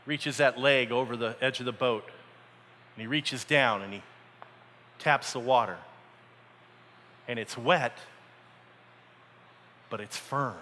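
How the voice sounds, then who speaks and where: A man's voice: mid-range voice, takes it slowly, long pauses, bright, forceful tone. A man preaching a dramatic, story-driven sermon at a camp, acting out voices as he tells the story. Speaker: camp speaker. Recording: echoey hall.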